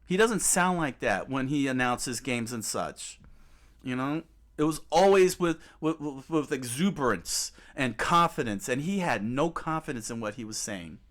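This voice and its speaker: A man's voice: mid-range voice, lively intonation, measured pace, fairly bright tone. A man hosting a gaming channel, chatting casually and emphatically, repeating himself and restarting sentences often. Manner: emphatic and repetitive, with many restarts and fillers. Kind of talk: casual commentary while browsing clips.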